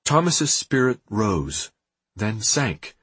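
A man narrating an audiobook in a steady, measured reading with a husky voice. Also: fairly low pitch, no echo.

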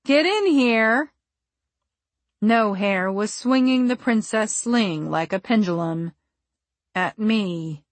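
A woman narrating a first-person story for an audiobook in a measured, wry and deliberate way, close on the mic. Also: medium pitch, dry recording.

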